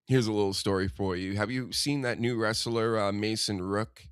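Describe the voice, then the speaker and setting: A man hosting a casual podcast chat, rambling and chatty with quick asides. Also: on the low side, steady tone, smooth, no room sound, clean studio sound. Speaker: podcast host.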